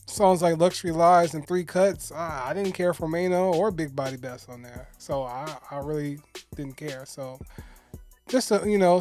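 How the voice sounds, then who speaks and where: A man's voice: a little high, darkish tone. A man co-hosting a podcast, giving a casual album review in a rambling way, full of "you know" and "um". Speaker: podcast co-host.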